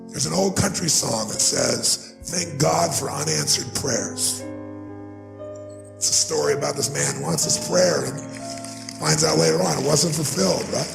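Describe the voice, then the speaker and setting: A man gives a heartfelt motivational talk in a deeply gravelly voice, earnest and personal. His voice echoes around the room, and soft music plays underneath. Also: a little slow. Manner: earnest, building to rising excited pitch when moved. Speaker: motivational speaker. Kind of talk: emotional personal storytelling speech.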